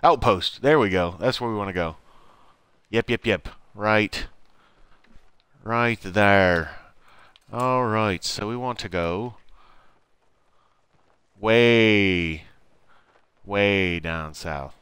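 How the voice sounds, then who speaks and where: Bright, clear-voiced male game streamer. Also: lowish voice, very slow, pauses often, no echo. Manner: talks to himself, frantic exclamations and swearing. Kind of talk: live gameplay commentary.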